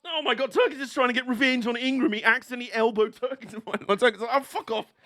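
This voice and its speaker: High-voiced, excitable man. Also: fast talker, dry recording. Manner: excitable, sweary, laughs often. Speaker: streamer. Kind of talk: live watch-along race commentary.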